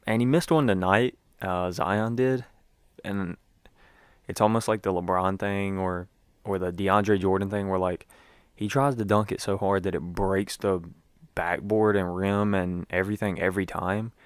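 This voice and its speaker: A man with a low, smooth voice hosts a casual sports podcast. He rambles loosely and fills his pauses. The sound is dry and close. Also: level tone, dry recording. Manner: rambling, loose, lots of fillers. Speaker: podcast host.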